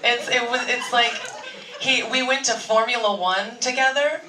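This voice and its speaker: A woman's voice: a little high, fairly even intonation, normal speed, noisy background. A woman on a convention panel telling a story casually, often laughing as she talks. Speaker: film actor on a convention panel. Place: large convention hall. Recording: echoey hall, voice from far off.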